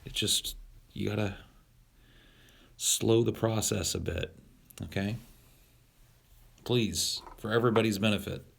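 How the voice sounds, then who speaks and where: Deep gravelly man ranting at his chat. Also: fairly even intonation, unhurried, long pauses, a bit bright. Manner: profane, rambling, mock-commanding. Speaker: streamer talking to his live chat. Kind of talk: casual livestream chat.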